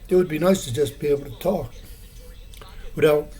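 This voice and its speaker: A man's voice: a little high, moderate pace, mellow. An older man talking casually to the camera in a meandering, plainspoken way, with many fillers and restarts. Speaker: vlogger. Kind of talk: casual rambling monologue.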